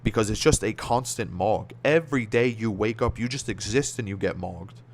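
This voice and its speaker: A man's voice: fairly low pitch, normal speed, slight background noise. A young American man streaming and chatting casually with viewers. He talks in rambling, slang-heavy bursts, often trails off mid-word and laughs easily. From United States. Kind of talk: casual livestream chat reading viewer comments.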